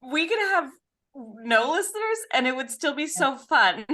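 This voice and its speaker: A woman's voice: high voice, big pitch swings, unhurried, bright, forceful tone. A woman co-hosting a podcast in casual chat, chatty and self-deprecating, laughing often. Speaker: podcast co-host.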